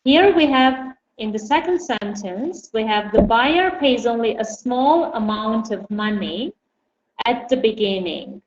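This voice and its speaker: A woman teaches English online, calling on students by name with patience, her voice on the high side, expressive, and unhurried. The audio is echoey and dull with light noise.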